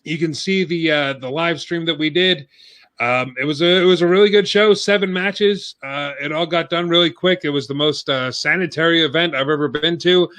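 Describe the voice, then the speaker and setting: Podcast host, male, bright higher voice, rambling casual delivery, slightly winded. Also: normal speed. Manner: rambling, filler-heavy plugging. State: out of breath.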